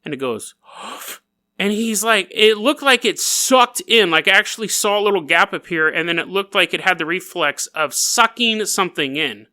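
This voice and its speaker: A man hosting a podcast, telling a strange story in a playful, jokey way with quick asides. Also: high voice, animated, pushed and bright. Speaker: podcast host. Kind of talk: casual comedic storytelling.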